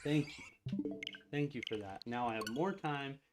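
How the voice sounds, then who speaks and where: A man's voice: mid-range voice, a little slow, music in the background. A man chatting casually while livestreaming a video game, teasing and joking in playful banter. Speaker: game streamer and father.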